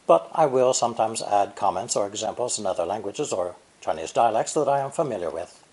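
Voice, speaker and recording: A man in his sixties narrating a scripted language lesson in a measured, explanatory way, stressing syllables and tones. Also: mid-range voice, a little mellow, slightly rough, rough recording. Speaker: language teacher.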